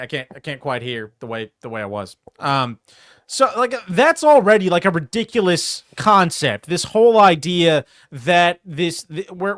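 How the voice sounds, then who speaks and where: A man's voice: sits high, fairly bright tone, no echo. A male podcast host giving sarcastic, profane commentary on a live stream, talking into a close desk mic.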